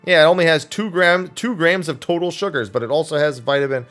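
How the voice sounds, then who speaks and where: A man's voice: a little high, fast, fairly bright tone, soft background music. A man streaming a weekly Q&A, talking casually and rambling with lots of fillers, restarts and casual swearing. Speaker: streamer answering viewer questions. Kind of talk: casual chat.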